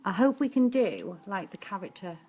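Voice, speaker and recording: A woman's voice: mid-range voice, animated, normal speed, mellow, breathy edge. A Welsh woman chatting and giggling as she hosts a live-stream nail painting demo, speaking into a phone indoors. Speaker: nail technician host.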